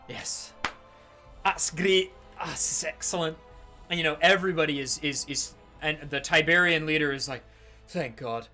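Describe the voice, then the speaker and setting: A man's voice: fairly high pitch, pushed and bright. A man narrating a tabletop game as game master, talking casually with lots of fillers. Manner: casual, full of fillers and restarts.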